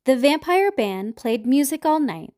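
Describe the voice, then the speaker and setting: Storybook reader: a woman with a high, lively sing-song read-aloud voice. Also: unhurried. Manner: sing-song rhyming delivery with jumps into high squeaky creature calls. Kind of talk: children's picture book read-aloud.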